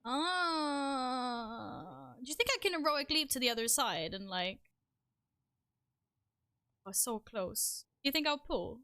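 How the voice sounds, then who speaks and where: A young adult woman streaming a game live, reacting excitably, swearing and making fun of herself. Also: high-pitched, takes it slowly, pauses often, dry recording, studio quality. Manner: excitable, swears, self-deprecating outbursts. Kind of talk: live gameplay commentary.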